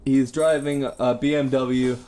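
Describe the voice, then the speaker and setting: Young guy on a podcast, mid-pitch voice, rambly crude storytelling. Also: flat delivery, unhurried, mellow. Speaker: podcast co-host. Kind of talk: casual chat.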